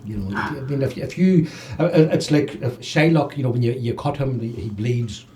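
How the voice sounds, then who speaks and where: A man with a Northern Irish accent hosting a local radio chat. He is lively, chatty and quick to laugh. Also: medium pitch, slight background noise. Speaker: radio host. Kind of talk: casual chat.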